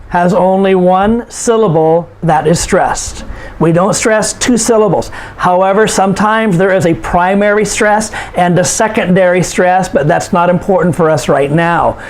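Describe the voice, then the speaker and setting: A man teaching an English pronunciation lesson, speaking slowly and patiently and repeating words for learners to copy. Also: sits high, a little mellow, rough recording. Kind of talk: slow, deliberate lesson to learners.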